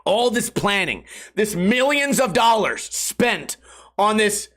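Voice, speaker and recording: A man with a fairly high voice hosts his own podcast and tells a long story as a casual rant. He swears freely and acts out the people he quotes with comic voices. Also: sing-song, slow, a bit bright. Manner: profane, comedic. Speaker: podcast host.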